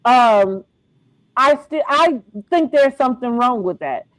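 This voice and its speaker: Brief: middle-aged woman host, high bright voice, slangy animated chat, dry close sound. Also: measured pace, no room sound, low-quality recording. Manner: animated, slangy, laughs often. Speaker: podcast host. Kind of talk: casual reality-TV recap chat.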